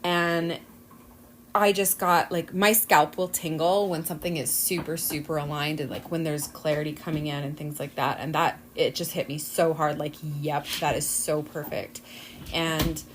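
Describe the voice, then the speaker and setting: A woman's voice: low-pitched, steady tone, moderate pace, slight background noise. Earnest woman podcaster in an echoey room. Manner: earnest, effusive, rambling with fillers. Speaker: podcast host. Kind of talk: casual podcast monologue. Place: at home with her dog.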